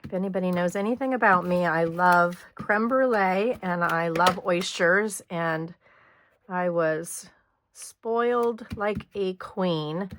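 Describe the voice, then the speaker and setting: A middle-aged woman talks viewers through a scrapbooking project at a slow, easy pace, her voice a touch low and slightly hoarse. She chats as she works, stopping now and then to clear her throat. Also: a bit bright. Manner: chatty, talks while working, frequent throat clearing. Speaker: scrapbooking host. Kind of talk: hands-on craft tutorial.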